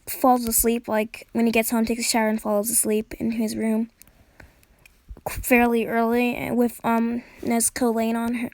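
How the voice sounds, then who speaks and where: Rambling higher-voiced woman telling a story. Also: darkish tone. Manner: rambling, many fillers and self-corrections. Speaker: fan storyteller. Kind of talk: casual rambling story narration.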